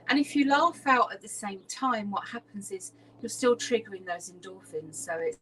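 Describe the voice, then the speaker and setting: A woman, a laughter yoga leader gently guiding an online exercise class through stretches and breathing. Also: mid-range voice, moderate pace, crowd noise.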